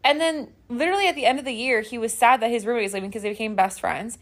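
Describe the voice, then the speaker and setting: A woman's voice: a little high, very fast. A young woman in her twenties co-hosting a podcast, chatting casually, giggling often and telling stories packed with fillers. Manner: giggly, animated storytelling with lots of fillers. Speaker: podcast co-host. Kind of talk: casual chat.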